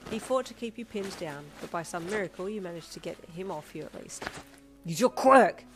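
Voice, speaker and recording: A woman narrating a fan fiction story in an expressive second-person reading. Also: on the low side, fairly quick, music in the background. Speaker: audiobook narrator.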